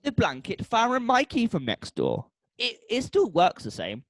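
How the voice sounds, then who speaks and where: A man co-hosting a podcast, pitching a made-up product in comic style and making beeping sound effects. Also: wildly swooping pitch, moderate pace, no room sound. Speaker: podcast co-host.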